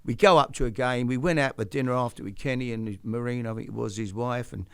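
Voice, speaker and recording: A man's voice: mid-range voice, fast talker, creaky, a bit bright, smooth. An older man hosting a chat show, telling stories in a rambling way with many restarts. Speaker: host. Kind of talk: casual storytelling chat.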